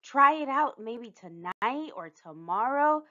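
A woman reading a picture book aloud for children's storytime, animated, with playful sound effects. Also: on the high side, slow pace, highs cut off.

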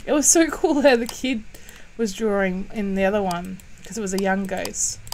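A woman's voice: mid-range voice, moderate pace, darkish tone, slight background noise. A young woman streaming a game live, chatting away, easily startled and laughing often. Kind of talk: live gaming commentary.

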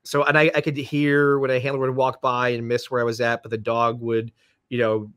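A man's voice: medium pitch, level tone, brisk, a bit bright, clean tone, dry recording, studio quality. A man, a podcast guest who tells long, rambling anecdotes and acts out the voices of people he quotes. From Florida, United States. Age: 50s. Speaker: podcast guest, police dog trainer. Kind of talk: casual storytelling.

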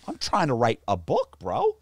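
A man as a podcast guest, telling stories in casual chat, profane and animated, and he mimics other people in the story with high squeals and low mutters. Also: moderate pace, no room sound.

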